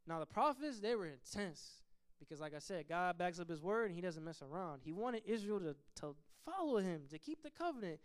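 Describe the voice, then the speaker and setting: A man leading a Bible study, teaching in an animated way and acting out biblical figures in quick asides. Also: high-pitched.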